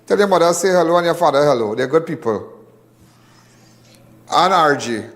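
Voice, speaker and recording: A man's voice: on the high side, expressive, moderate pace, fairly bright tone. A man with a Trinidadian accent hosting a live crime show, talking in a loose, rambling, lecturing way.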